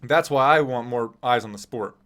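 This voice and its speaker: A man from Nebraska calls a live fight stream in a relaxed, chatty way. He keeps his tone wry and self-deprecating, with an everyday mid-range voice. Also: medium pitch, normal speed. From Nebraska, USA. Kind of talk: casual live reaction commentary.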